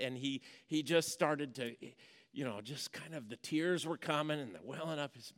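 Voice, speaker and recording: A man delivers a sermon like a folksy storyteller, dropping to hushed tones and then rising to emphatic points. His voice sits a little high for a man. It rings out with the long reverb of a big church hall. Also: moderate pace. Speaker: preacher.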